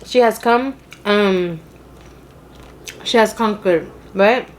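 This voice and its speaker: A young woman from New York with a New York accent, hosting an eating show and chatting casually, loud and expressive, laughing often. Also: medium pitch, takes it slowly. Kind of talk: casual chat while eating.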